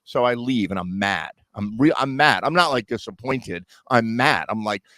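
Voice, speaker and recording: A man's voice: mid-range voice, normal speed, no room sound. A middle-aged man telling a long story in casual chat, acting out the voices of people in it. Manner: animated storyteller, acts out others' voices.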